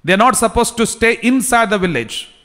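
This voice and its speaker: A man, a priest, preaching a sermon slowly, repeating phrases and restarting sentences. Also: high voice, animated, fairly bright tone. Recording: long reverb, hall.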